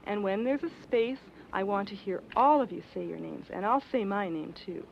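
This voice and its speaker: A woman hosting a children's program, coaxing kids through a sing-song name game in a slow, encouraging way. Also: medium pitch, creaky. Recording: dull old 16mm film soundtrack with loud music.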